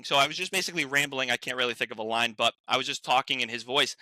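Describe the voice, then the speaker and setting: Bright-voiced young man telling stories. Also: mid-range voice, racing, hardly any pauses, no echo. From Rhode Island. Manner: rambling storyteller, many restarts and "like"s. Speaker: guest actor. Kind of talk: casual chat.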